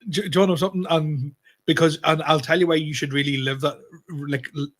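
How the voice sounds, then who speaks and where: A man's voice: fairly high pitch, fairly even intonation, fairly quick. A young man co-hosting a comedy podcast, laid-back and chuckling in casual chat.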